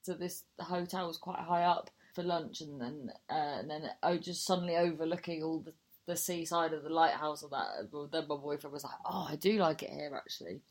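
A woman's voice: low-pitched, steady tone, normal speed. A young woman telling a rambling, sweary personal anecdote in a casual chat, breaking into laughter and digressions.

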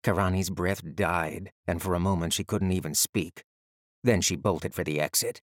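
A man reading an audiobook in measured, even storytelling narration. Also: deep voice, no room sound, studio quality.

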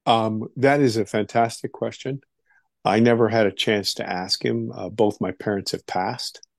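A middle-aged man as an interview guest, telling a story with lively delivery, acting out the voices of others, with frequent fillers. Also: on the low side, moderate pace, gravelly, dry recording, clean studio sound. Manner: animated, acts out quoted voices, many fillers.

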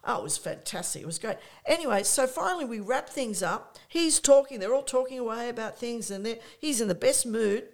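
An older woman, a guest on an interview show, telling anecdotes in a lively, rambling way, restarting sentences and acting out what people said. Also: fairly high pitch, fairly quick, hardly any pauses. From Australia. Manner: animated anecdote-telling, many restarts, acts out quoted people. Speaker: interview guest, music promoter. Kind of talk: casual storytelling chat.

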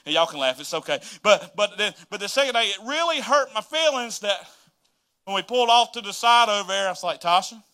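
Lively pastor telling a story. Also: male voice, sits high, brisk. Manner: animated, dramatic storytelling with quoted asides. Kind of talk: storytelling sermon.

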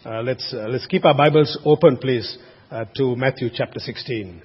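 A man's voice: medium pitch, normal speed, slightly rough. A man preaching a sermon as pastor, earnest and emphatic, with frequent restarts and casual asides to the congregation. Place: church sanctuary. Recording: dull lo-fi sound with long church reverb.

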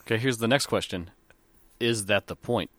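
A man's voice: lowish voice, moderate pace, a bit bright, no echo. A man in casual podcast chat, teasing and asking pointed questions. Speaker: podcast co-host.

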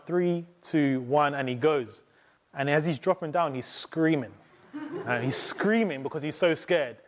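Conversational young preacher. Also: male voice, fairly high pitch. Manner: conversational, many fillers and "you know". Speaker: visiting preacher. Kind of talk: sermon.

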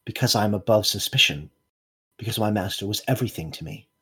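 A man's voice: fairly low pitch, a little fast, pushed and bright, husky, pitched below the performer's own voice, full character voice. A man voicing a stern, grieving female servant who speaks curtly and coldly. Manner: curt and cold.

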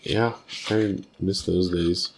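A man co-hosting a podcast, teasing and firing off quick questions in casual chat. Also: deep voice, fairly even intonation, slight background noise. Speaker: podcast co-host.

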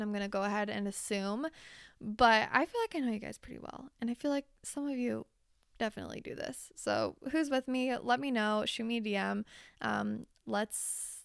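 Candid woman with a gravelly, smooth voice. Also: a little high, no room sound, studio quality. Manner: candid and confessional, swears casually; chatty, with frequent fillers. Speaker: podcast host. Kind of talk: casual solo podcast monologue.

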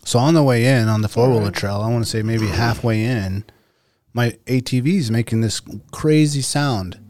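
A man's voice: medium pitch, normal speed, darkish tone. A man in an easygoing podcast chat, telling a story in a rambling way and swearing casually. His voice sits in a middle range. The sound is dry and close, with no room echo.

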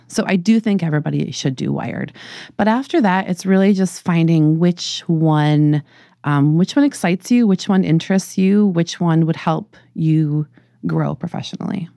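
Low gravelly woman cohosting a podcast, super upbeat, dry close mic. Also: dark tone, dry recording. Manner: upbeat, enthusiastic, quick to laugh. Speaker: podcast co-host, ed-tech organizer. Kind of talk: casual podcast chat.

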